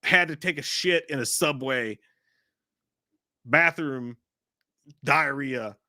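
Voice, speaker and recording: A man co-hosting a casual movie chat, rambling in a crude, animated way. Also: mid-range voice, slow pace, dry recording, studio quality. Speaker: podcast co-host. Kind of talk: profane casual movie rant.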